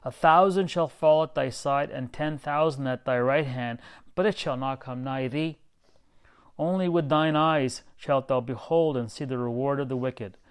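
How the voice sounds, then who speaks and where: Man preacher, mid-pitched voice, reads verses, asks rhetorical questions, chuckles between points. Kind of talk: informal sermon with scripture reading.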